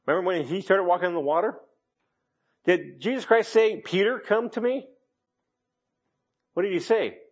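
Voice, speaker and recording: Husky rambling folksy male preacher. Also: high-pitched, animated, fairly quick. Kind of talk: sermon.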